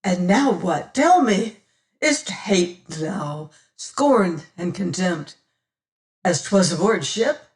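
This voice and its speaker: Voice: mid-range voice, sing-song, extremely slow, reverberant, far from the mic. A reader voicing a passionate, tormented young sailor in an audiobook. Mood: fierce. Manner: fierce and demanding, then remorseful. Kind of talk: audiobook character reading.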